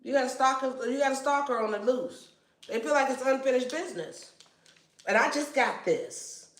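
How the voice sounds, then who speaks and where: A woman's voice: high voice, moderate pace. A woman giving a casual tarot reading in a blunt, slangy way and swearing freely. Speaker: tarot reader. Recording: echoey room.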